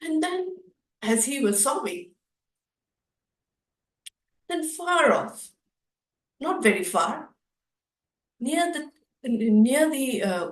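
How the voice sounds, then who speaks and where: A woman telling a children's animal story to an audience, with a fairly high voice. Her telling is expressive and repetitive, with a few fillers. The sound is echoey, as in a hall. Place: storytelling festival session.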